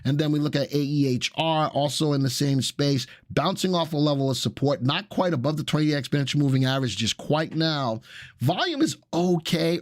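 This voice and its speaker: Southern guy chatting stocks live, kinda high voice, dry close mic, loose and casual. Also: dry recording. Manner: casual, chatty, answers viewers' comments. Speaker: stock market analyst hosting a live show. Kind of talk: live stock chart walkthrough.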